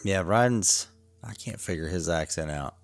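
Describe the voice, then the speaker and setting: A man's voice: sits low, normal speed, dry recording. A man hosting a casual chat at a dining table, asking curious questions and laughing easily. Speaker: host. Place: family dining table, indoors.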